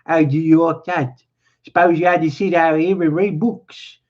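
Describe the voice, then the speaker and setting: A man's voice: on the high side, fairly even intonation, normal speed, voice pushed up, lightly acted. Man putting on a lonely needling old stable hand. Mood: pleading. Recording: dull lo-fi.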